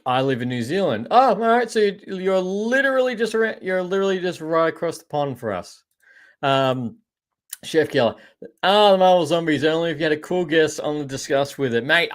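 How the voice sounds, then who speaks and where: A man's voice: on the high side, moderate pace. An Australian man hosting a live podcast, rambling casually about shows and games and answering viewer comments, often calling people mate. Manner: rambling, chatty, says "mate" a lot. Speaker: podcast host.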